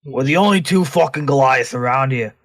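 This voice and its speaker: A man playing his character in a tabletop game, speaking gruff and firm. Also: mid-range voice, fairly quick, a bit bright. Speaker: player.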